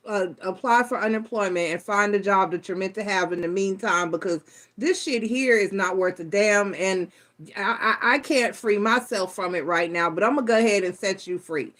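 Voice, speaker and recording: A woman's voice: mid-range voice, normal speed, a bit bright. Blunt, cussing woman reading tarot. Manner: blunt and profane, rambling storyteller. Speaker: tarot reader. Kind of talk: casual live tarot reading.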